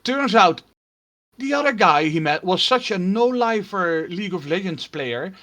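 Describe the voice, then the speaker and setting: A man's voice: high voice, a little slow. Man game-mastering a tabletop stream. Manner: relaxed storytelling with many fillers.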